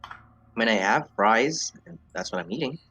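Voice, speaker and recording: A man's voice: on the low side, sing-song, moderate pace, sharp tone, breathy edge, dull audio. A man as game master of a tabletop game, laid-back and casual, at times talking with his mouth full.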